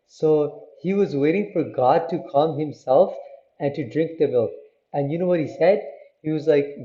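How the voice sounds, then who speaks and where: Telling a religious story for a Sikh teaching channel, a man with a fairly high voice speaks a little slowly and conversationally. He uses many fillers and keeps checking in with listeners with a "right?" The recording sounds roomy, dull and lo-fi.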